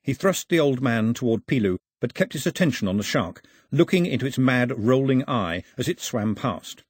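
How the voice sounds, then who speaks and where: A male audiobook narrator with a husky, slightly breathy tone and lively pitch that rises and falls with the story. The recording is close and dry. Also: normal speed, no room sound. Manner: expressive storytelling.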